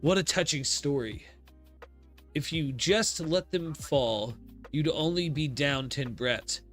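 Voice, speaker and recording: A man's voice: fairly high pitch, takes it slowly, a bit bright, soft background music. A man reading the lines of a cruel, gloating aristocrat villain who mocks the suffering of others. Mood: mocking.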